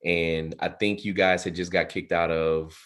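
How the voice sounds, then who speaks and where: A man's voice: low voice, flat delivery, unhurried, a bit bright. A man hosting a casual interview in a laid-back way. He restarts his sentences and keeps checking in with "right?". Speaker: podcast host.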